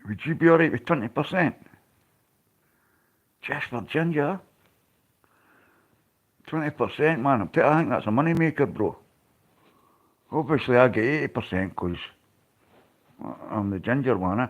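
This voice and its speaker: A Scottish man hosting a livestream chats loosely with live viewers in a medium-pitched, animated, brisk voice. He rambles, swears, and laughs often as he goes.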